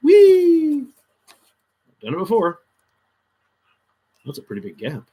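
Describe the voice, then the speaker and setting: A man's voice: a little high, big pitch swings, a little slow, breathy edge. A man chatting casually on a crafting livestream, muttering to himself as he works, with dry sarcastic asides.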